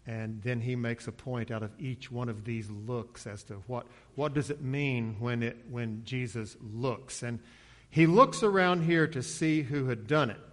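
A man preaching an expository sermon in a conversational way, acting out the quoted lines in a lifted voice. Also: a little slow. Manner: conversational, acts out quotes with raised pitch.

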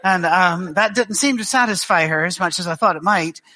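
Middle-aged Glaswegian preacher, bright ringing tone, dry wit, stop-start delivery. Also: male voice, sits high. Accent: Glaswegian Scottish. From Scotland. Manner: dry joking storyteller with halting restarts. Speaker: guest preacher. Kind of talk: sermon. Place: church.

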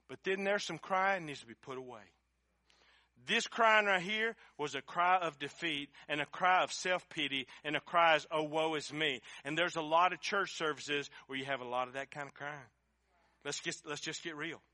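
A middle-aged man preaching a sermon, impassioned, building up to shouting at its peaks. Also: on the high side, dry recording. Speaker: pastor.

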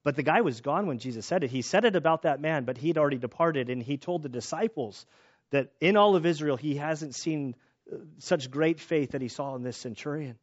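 A man preaching a sermon in a casual, animated way, joking about himself and often restarting his sentences. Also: fairly high pitch, a little fast. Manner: casual, animated, self-deprecating jokes, many restarts. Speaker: pastor. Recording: slightly dull lo-fi sound.

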